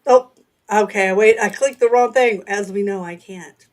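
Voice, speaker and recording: A woman's voice: mid-range voice, normal speed. A middle-aged woman with a Southern accent, co-hosting a casual chat and laughing often. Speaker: author and co-host.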